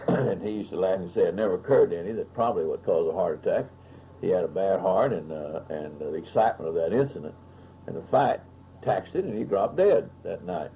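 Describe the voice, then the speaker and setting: A man's voice: sits low, animated, brisk, highs cut off. An older man from Texas telling family anecdotes in an oral history interview, in a relishing, raconteur's manner. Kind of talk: storytelling interview. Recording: archival audio with faint hiss.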